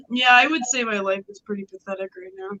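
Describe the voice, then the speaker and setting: Woman, tired, rambling, swears freely, bright sharp voice, phone mic. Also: a little high, poor audio. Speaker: livestream co-host. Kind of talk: casual late-night chat.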